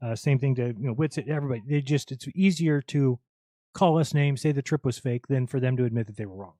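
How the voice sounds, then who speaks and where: A man hosts a live online panel show, pressing his arguments with emphatic, casual talk. His voice is dark and mellow, recorded dry and close. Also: medium pitch, fast talker, no echo. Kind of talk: livestream panel chat.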